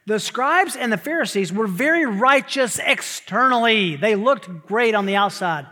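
A male pastor preaching a sermon, swinging from loud repeated shouts to hushed near-whispers. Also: high voice, in a large hall.

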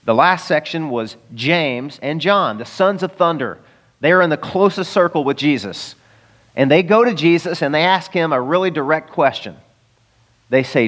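Male pastor, fairly high voice, chatty sermon delivery, acts out quotes, long church reverb. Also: expressive, moderate pace, a bit bright.

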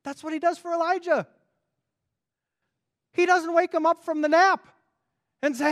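A man preaching a sermon in an animated, conversational way, with many restarts and rhetorical questions. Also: extremely high pitch, unhurried, pauses often. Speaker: pastor.

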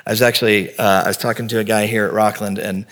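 A man's voice: lowish voice, level tone, fast, a bit bright. Earnest conversational male pastor preaching. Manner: conversational and earnest, with vivid storytelling asides. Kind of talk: sermon.

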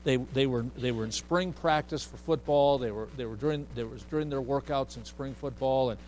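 In a folksy storytelling sermon, a preacher shares a family tale and imitates the voices of those he quotes. He speaks a little fast in a mid-range, somewhat mellow voice, over slight background noise on a rough recording.

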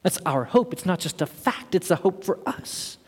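A man delivers a sermon as pastor, speaking earnestly and swelling into fervent, emphatic passages. His voice sits somewhat high for a man. It echoes with the long reverb of a large church sanctuary. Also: expressive, normal speed, a little mellow, husky. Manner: earnest, building to impassioned emphasis.

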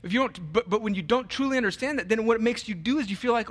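A man preaching a sermon as pastor, earnest and animated, often restarting his sentences. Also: very high voice, racing, hardly any pauses.

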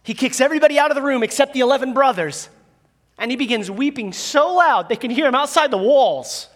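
A man preaching a sermon as a pastor in a church, conversational and animated, with self-deprecating humor. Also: very high-pitched, fairly quick. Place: church sanctuary with a live audience. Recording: long reverb of a large hall.

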